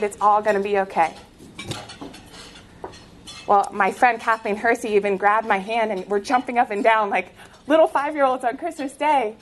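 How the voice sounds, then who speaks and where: A young woman from the United States giving an inspirational talk, telling her story in an animated way with laughs. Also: medium pitch, slight background noise. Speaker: speaker sharing a faith testimony.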